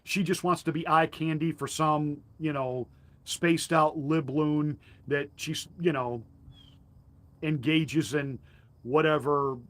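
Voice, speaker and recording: Combative, mocking male pastor. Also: on the high side. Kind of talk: political commentary monologue.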